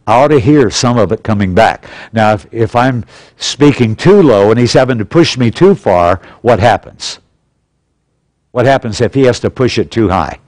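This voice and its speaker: A man's voice: mid-range voice, lively intonation, normal speed, darkish tone, no echo, rough recording. Plain-spoken man teaching, dry sound. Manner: plain, instructive, repeats key points. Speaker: church leadership class teacher. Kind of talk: practical classroom lesson. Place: church auditorium. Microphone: stationary pulpit mic.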